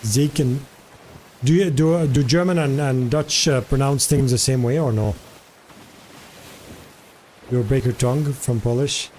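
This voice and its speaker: A man's voice: mid-range voice, unhurried, pauses often, a little mellow, slight background noise. A man streaming live in casual chat, curious and talkative, repeating foreign words aloud to practice them.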